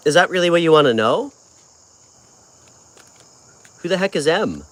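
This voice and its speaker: A man's voice: fairly high pitch, lively intonation, slow, slight background noise. A man hosting a casual live tarot stream, talking in a friendly, chatty way as he answers viewers' comments. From New York. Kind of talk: casual livestream chat with viewers.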